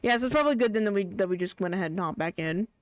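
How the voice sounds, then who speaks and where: A woman's voice: mid-range voice, expressive, very fast, no echo. A young woman streaming a game, chatting casually as she plays, rambling and laughing often. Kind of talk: casual live gameplay commentary.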